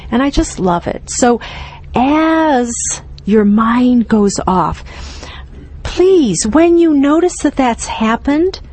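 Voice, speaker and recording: A middle-aged woman giving a gentle, unhurried talk as a meditation teacher at a retreat, with soft laughs and fillers. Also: fairly high pitch, husky.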